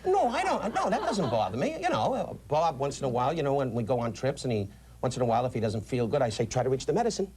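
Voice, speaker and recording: A man in his sixties, a comedian guest on a talk show, firing off rapid teasing wisecracks and insult jokes. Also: medium pitch, sing-song, darkish tone. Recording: old tape, faint hiss.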